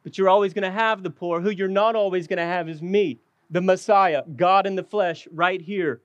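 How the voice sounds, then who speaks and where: A man preaching a sermon with passion, often dropping low and slowing down to stress his words. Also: fairly even intonation, dry recording, muffled recording. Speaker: pastor.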